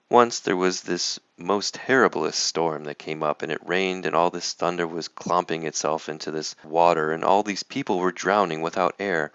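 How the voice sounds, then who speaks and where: A man with a very low, smooth voice reads a children's picture book aloud with lively expression. The sound is dry and close. The recording is a little muffled. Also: dry recording. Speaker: storybook reader.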